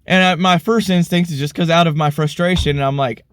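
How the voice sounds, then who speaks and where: Recorded in a clean studio with no room sound, this Alabama man speaks briskly in a steady, clean-toned voice that sits on the high side and is slightly bright. He is a married vlogger with a family giving a casual, earnest, rambling testimony of his faith, with "you know" coming up constantly.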